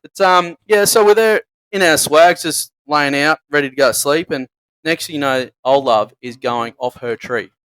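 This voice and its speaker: Rambling Australian bloke spinning a yarn. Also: male voice, fairly high pitch, moderate pace, a bit bright, smooth, dry recording. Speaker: podcast co-host. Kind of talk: casual storytelling.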